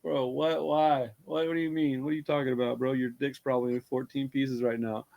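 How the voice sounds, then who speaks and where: A man's voice: medium pitch, little pitch movement, fairly quick, vocal fry, lo-fi sound. A man chatting casually about a horror movie, hyper and tired, swearing often, laughing a lot and acting out scenes. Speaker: podcast co-host. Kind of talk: casual movie review chat.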